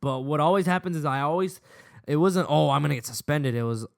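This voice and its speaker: A man's voice: fairly high pitch, fast, vocal fry. A young man, a gaming vlogger, telling a personal story in a casual, laughing way with plenty of swearing. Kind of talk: storytelling over gameplay.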